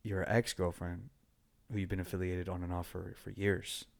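A man's voice: sits low, normal speed, gravelly. Blunt, swearing podcast host, man. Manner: blunt, heavy swearing, animated storytelling. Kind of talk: casual chat.

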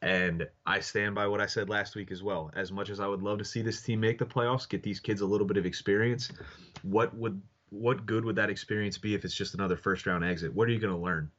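A man's voice: lowish voice, steady tone, a little fast, fairly bright tone, muffled recording. A man co-hosting a casual sports podcast, talking in an opinionated way with lots of fillers. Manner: opinionated, hedging with frequent fillers. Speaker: podcast co-host.

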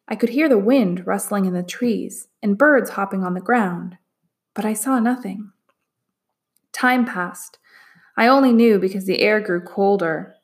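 Lady reading a storybook aloud, calm and steady, gravelly fry in her voice. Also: mid-range voice. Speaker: narrator.

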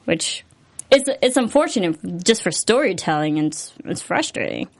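A woman co-hosting a TV after-show, talking casually and frankly, sometimes frustrated and quick to laugh. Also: on the low side, big pitch swings, creaky. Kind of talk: casual chat reviewing an episode.

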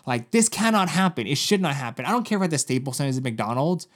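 Fast-talking, with a fairly high pitch, this podcast co-host in his thirties tells an animated story during casual conversation. He swears a lot and performs other people's lines himself.

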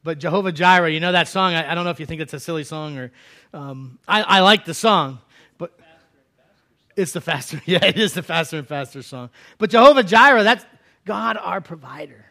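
A bright, fairly high-voiced man preaches a conversational sermon from the United States. He moves between raised, dramatic outbursts and quiet, slowed-down lines. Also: vocal fry. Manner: conversational preaching, swings from loud acted cries to hushed low lines. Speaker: pastor.

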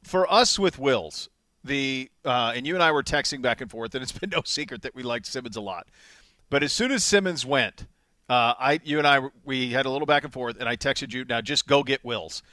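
Emphatic, bright-voiced sports talk man. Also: medium pitch, brisk, no echo, clean studio sound. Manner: emphatic, excitable, repeats words for stress. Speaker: sports radio co-host.

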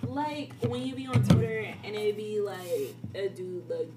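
A woman's voice: mid-range voice, animated, unhurried. A woman co-hosting a podcast in casual, profane chat, laughing easily. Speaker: podcast co-host. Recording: roomy, distant mic, loud hum.

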